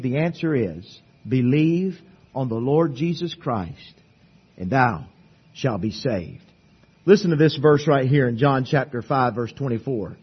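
Husky-voiced preacher, slow and emphatic. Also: male voice, medium pitch, lo-fi sound. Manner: emphatic, swings between loud and hushed. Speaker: pastor. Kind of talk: preaching a sermon.

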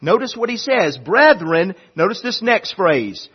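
A male pastor preaching a sermon, swinging from loud pleading to hushed intensity and often repeating and restarting his phrases. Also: high voice, sing-song, measured pace, husky, muffled recording.

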